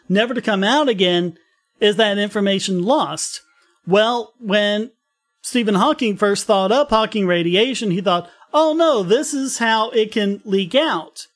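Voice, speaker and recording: Brief: high-pitched male podcast host, chatty explainer who laughs easily. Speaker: podcast co-host presenting a science story. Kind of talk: casual science podcast chat.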